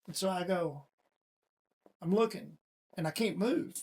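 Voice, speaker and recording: A man's voice: sits high, unhurried, darkish tone, breathy edge. A middle-aged man telling a personal story in a casual, folksy interview. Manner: folksy, plain-spoken storyteller. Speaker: guest.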